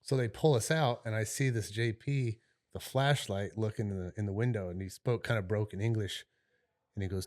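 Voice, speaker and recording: A middle-aged man with a fairly low voice co-hosts a podcast, telling a story in an easygoing, rambling way. He swears freely and keeps checking in with "right?" and "you know" as he goes. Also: quick pace. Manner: laid-back, profane, rambling with fillers like "right?" and "you know". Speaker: podcast co-host. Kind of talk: casual storytelling chat.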